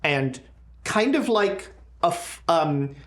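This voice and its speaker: A game master narrating a horror tabletop game, halting and full of fillers and restarts. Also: medium pitch, animated. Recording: roomy echo.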